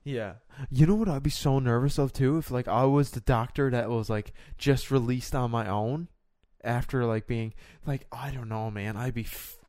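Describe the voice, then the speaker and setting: A man's voice: medium pitch, normal speed, a little mellow, no echo, clean studio sound. A young man co-hosting a sports podcast, chatting casually in a rambling, jokey way full of fillers. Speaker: podcast co-host. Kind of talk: casual chat.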